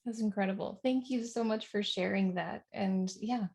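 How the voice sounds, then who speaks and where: A woman hosting a live interview on a video call, affirming the guest and asking halting questions. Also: mid-range voice, gravelly, a little mellow. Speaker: interviewer host.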